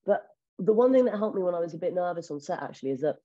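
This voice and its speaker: A woman actress being interviewed in casual chat, candid and quick, swearing now and then. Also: fairly low pitch, animated, warm tone. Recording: dull lo-fi audio.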